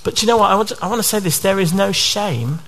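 A man's voice: high-pitched, animated, fast talker, fairly bright tone. A male preacher giving a sermon to his church in an earnest way, often posing rhetorical questions.

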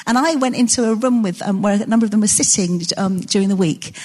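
A woman's voice: mid-range voice, quick pace, a little mellow. A woman preaching a sermon in a conversational, self-deprecating way, telling stories to her congregation.

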